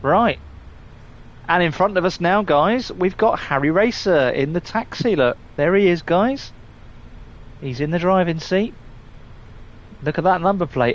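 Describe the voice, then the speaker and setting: Slow, rambling streamer. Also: male voice, sits high, expressive. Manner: chatty, rambling, stumbling restarts, mild swearing. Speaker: game streamer. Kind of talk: casual live gameplay chat.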